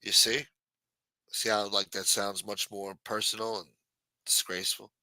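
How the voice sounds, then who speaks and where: A man's voice: lowish voice, steady tone, normal speed, sharp tone, no echo, poor audio. A man hosting a late-night livestream who rants casually and reads news aloud in a profane, blunt and mocking manner. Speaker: livestream host. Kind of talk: casual ranting commentary.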